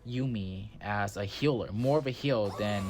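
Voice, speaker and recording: A man's voice: on the low side, moderate pace, a little mellow, a little hiss or hum. A man giving casual, rambling gameplay commentary as a channel host, full of "like" fillers. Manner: rambling and chatty, with many "like" fillers. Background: background music.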